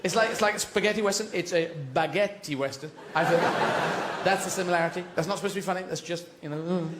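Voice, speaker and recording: A male stand-up comedian with a high-pitched, fast voice rambles and digresses, acting out scenes in a live routine. He performs before an audience in a roomy venue, with a noisy background.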